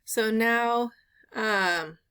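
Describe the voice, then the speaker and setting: A woman's voice: on the high side, very slow, bright, forceful tone, smooth. A woman vlogger at home, telling a rambling story in casual chat, full of "like" and "um" fillers. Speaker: reseller vlogger.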